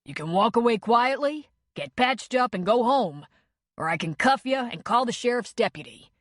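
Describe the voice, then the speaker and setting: A woman's voice: a little high, lively intonation, normal speed, dry recording, studio quality, voice pushed up. A woman voicing a weary small-town cop. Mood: firm. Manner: firm, exasperated authority.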